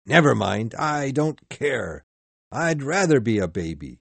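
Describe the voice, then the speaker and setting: A man's voice: medium pitch, sing-song, takes it slowly, gravelly, no room sound, full character voice. A man voicing an elderly reformed miser, overjoyed and laughing as he exclaims his lines. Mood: giddy.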